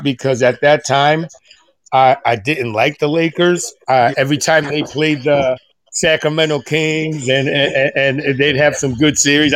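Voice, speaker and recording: In a casual, emotional podcast chat, a middle-aged male guest speaks haltingly, full of fillers and restarted sentences. His voice is fairly high and fairly bright, recorded without room sound.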